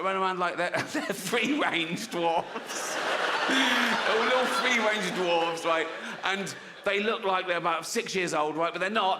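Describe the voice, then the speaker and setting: A middle-aged man with a high-sitting voice performs a stand-up comedy set at a live venue, speaking bluntly and chattily and often laughing at his own jokes. The audience's laughter and applause make the background noisy.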